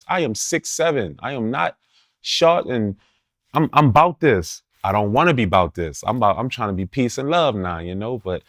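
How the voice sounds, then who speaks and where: A man's voice: medium pitch, lively intonation, normal speed, fairly bright tone, dry recording, clean studio sound. A man telling stories as an interview guest, blunt and profane in street slang, laughing as he talks. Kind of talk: casual storytelling in an interview.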